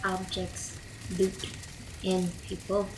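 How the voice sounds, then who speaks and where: A woman playing a tabletop game, chiming in with playful quick interjections. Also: medium pitch, monotone, very noisy. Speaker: player. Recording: echoey room, off-mic.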